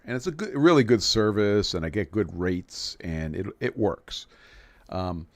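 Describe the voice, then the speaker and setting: This livestream host from New York City has a voice on the low side. He keeps things casual, joking, rambling and starting his sentences over, in a dry recording.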